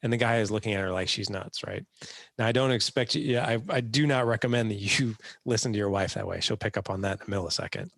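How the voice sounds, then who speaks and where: A low, gravelly man chatting as an interview guest, close to the mic in a dry room. He tells stories with energy and lifts his voice to act out what others said. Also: quick pace, no room sound. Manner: animated storyteller, acts out quotes in raised voice. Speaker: podcast guest, dad coach. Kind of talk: casual interview chat.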